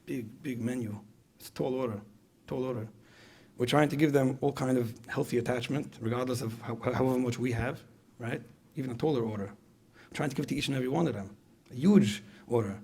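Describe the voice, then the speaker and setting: Guy lecturing parents, gravelly voice, talks fast, keeps repeating himself. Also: medium pitch, a little mellow. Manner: repeats phrases, asks the audience questions. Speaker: speaker at a parenting retreat. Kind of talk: conversational lecture.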